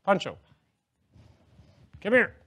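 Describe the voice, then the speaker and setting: A middle-aged man, a motivational speaker, talks slowly in a bright, forceful voice. He gives a funny, self-deprecating speech to an audience, joking and telling stories at his own expense.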